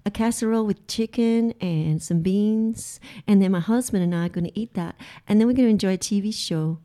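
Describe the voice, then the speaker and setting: A woman's voice: mid-range voice, a little fast, dark tone, natural voice. A woman voicing a cheerful Southern homemaker in a put-on Southern US accent, with a sugary, self-satisfied drawl. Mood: smug cheerful. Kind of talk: comic radio parody.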